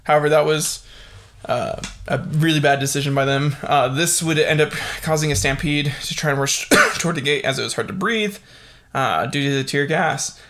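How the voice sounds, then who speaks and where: A young man hosting a casual solo podcast, reading facts haltingly with lots of fillers and breaking into excited exclamations. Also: a little high, a little hiss or hum. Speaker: podcast host.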